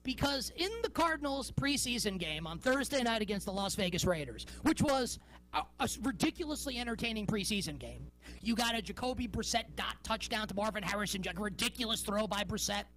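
A woman's voice: medium pitch, animated, a little fast, a bit bright, low-quality recording. A woman in her thirties hosting a sports talk show, giving a rambling, incredulous monologue with heavy stress on key words.

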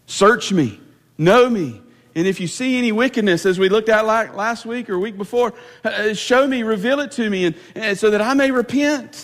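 A pastor delivers an emphatic sermon in a high, ringing voice. He stumbles over and repeats words as he presses each point home. His voice carries a long hall reverb from the church sanctuary.

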